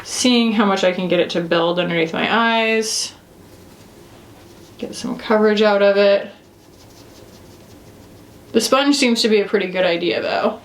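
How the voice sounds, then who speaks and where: A beauty reviewer in her thirties chats casually about makeup in a mid-range voice, speaking a little slowly with long pauses. She rambles, filling her talk with "like" and "you know." The room is echoey.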